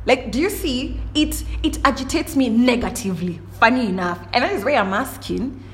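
A woman's voice: a little high, animated, normal speed, a bit bright. A young woman hosting a casual monologue, talking bluntly and with lots of animation, often restarting her sentences and throwing in playful exclamations. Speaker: podcast host.

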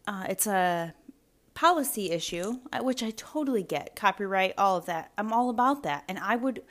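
A young woman hosting a casual solo podcast from home, chatty and rambling, slightly out of breath, swearing now and then. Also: medium pitch. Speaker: podcast host. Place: at home with pets around.

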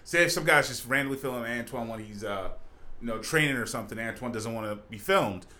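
A man's voice: medium pitch, fast talker, pushed and bright. A man co-hosting a casual podcast, laid back, walking through hypothetical examples with a few stumbles. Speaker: podcast co-host. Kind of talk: casual chat.

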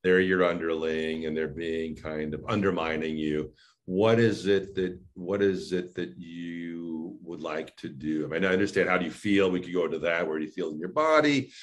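In an interview, a male voice and speech coach explains his sessions, animatedly acting out both sides of a coaching dialogue, playing himself and his client. He has a deep voice and speaks at normal speed.

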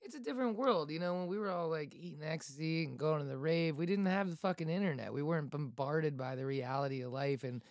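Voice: medium pitch, fast, few pauses, no echo. A laid-back co-host riffs in a casual podcast chat, swearing freely and backing up the other speaker. The voice sits in the middle of the range. The recording is close and dry, with no room sound.

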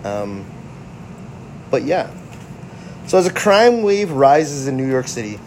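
A man's voice: mid-range voice, darkish tone, slight background noise. Rambling man recapping a film. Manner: rambling, self-correcting, fannish. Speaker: host. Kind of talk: casual movie recap.

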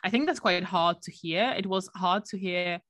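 A woman's voice: lowish voice, normal speed, fairly bright tone. A woman talking in a chatty, reflective way as a guest in a casual conversation, with lots of "like" fillers.

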